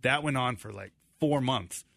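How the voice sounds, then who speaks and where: A man in his thirties, co-hosting a casual chat, animated and laughing often. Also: mid-range voice, moderate pace, gravelly, dry recording. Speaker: co-host.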